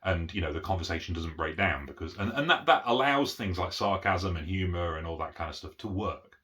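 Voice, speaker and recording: A middle-aged man talks in one unscripted take, teaching a concept step by step. His voice sits low yet has a bright, forceful edge. He keeps stopping to ask "okay?" and often restarts his sentences as he thinks aloud. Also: expressive, fairly quick. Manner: explanatory, repeats "okay?" to check understanding; frequent restarts and fillers. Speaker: autism educator.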